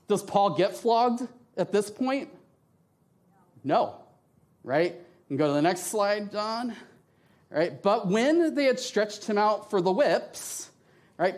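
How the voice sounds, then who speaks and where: A man preaching a sermon with slides in a church, talking in a conversational way, often tagging his sentences with "right?" and acting out the voices in his quotes. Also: high voice. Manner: lively, animated, acts out voices in quotes. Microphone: handheld mic.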